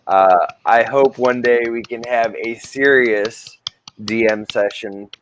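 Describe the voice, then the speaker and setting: Man, mid-pitched voice, earnest thanks, faint noise behind. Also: fairly even intonation, slow pace. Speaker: player. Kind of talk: casual chat.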